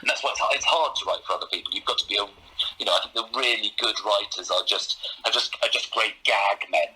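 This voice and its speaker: A middle-aged man, a comedian, chatting as a podcast guest, animated with quick asides. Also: fairly low pitch, slightly rough, low-quality recording. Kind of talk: casual podcast chat.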